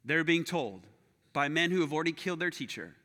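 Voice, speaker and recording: Young male pastor, lively storyteller, higher voice, big church room sound. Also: brisk. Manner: animated, acts out his own story with self-deprecating humor. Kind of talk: sermon with personal storytelling. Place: church sanctuary. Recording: long hall reverb.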